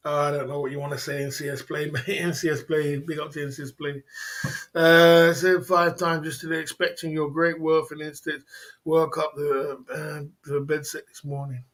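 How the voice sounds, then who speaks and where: Guy hosting a livestream, chatty and laughing a lot, kinda high voice, repeats himself. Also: poor audio. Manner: laughs often, repeats catchphrases, slangy banter. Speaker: livestream host. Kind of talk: casual livestream chat.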